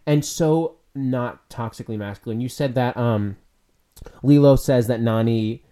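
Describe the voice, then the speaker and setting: A man co-hosting a podcast in casual chat, playful and quick with asides. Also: medium pitch, dark tone, smooth. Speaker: podcast co-host.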